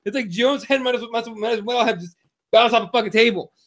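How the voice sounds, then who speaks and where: Excitable, profane man with a high voice. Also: fast. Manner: profane, excitable, animated storytelling. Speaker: podcast co-host. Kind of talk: casual podcast chat.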